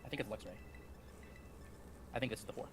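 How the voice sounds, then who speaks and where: A man's voice: mid-range voice, fast, noisy background. Man muttering through his game choices. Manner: muttering, weighing options to himself. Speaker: player. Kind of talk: thinking aloud while playing.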